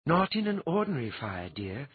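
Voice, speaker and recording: A man reading a calm, fond ancient goddess. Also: fairly high pitch, moderate pace, husky, dry recording, phone-quality sound, voice pushed up, full character voice. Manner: gentle, absent-minded, soothing.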